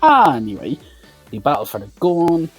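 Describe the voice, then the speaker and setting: A man's voice: a little high, huge pitch swings, moderate pace, slightly rough, soft background music. A man giving a blunt, swear-heavy review of an action film, talking casually and with exasperation. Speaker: movie reviewer.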